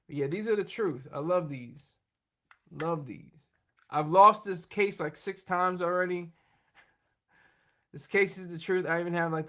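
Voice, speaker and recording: A man's voice: fairly high pitch, sharp tone. A man hosting a live stream from his computer at home, chatting in a loose, rambling way with frequent laughs and restarts. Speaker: livestream host.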